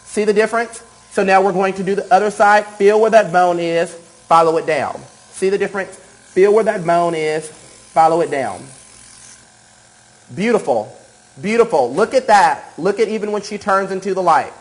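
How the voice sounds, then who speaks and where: Guy doing a live airbrush makeup demo, hyped, kinda higher pitched. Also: normal speed, poor audio. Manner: enthusiastic, repeats cues and says okay often. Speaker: makeup artist demonstrating airbrush. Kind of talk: live tutorial demonstration.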